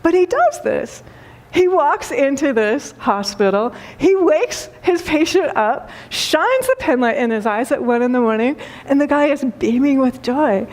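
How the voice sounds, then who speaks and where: A woman spiritual teacher giving a talk and telling a story, speaking gently with repeated phrases and frequent laughter. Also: sits high, very animated, unhurried. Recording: long hall reverb.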